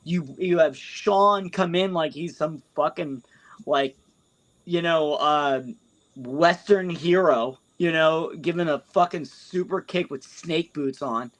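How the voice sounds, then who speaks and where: A man co-hosting a casual wrestling talk show, rambling and halting and swearing often. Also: fairly high pitch, fairly bright tone. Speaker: co-host. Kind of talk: casual podcast banter.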